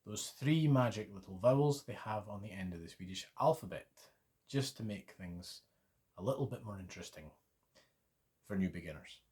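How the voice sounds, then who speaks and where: A native English-speaking man with a fairly low, slightly mellow voice teaches Swedish vowels, spelling out letters and patiently repeating sounds. His intonation is lively and his speed normal, though the lesson's pronunciation is slow and deliberate.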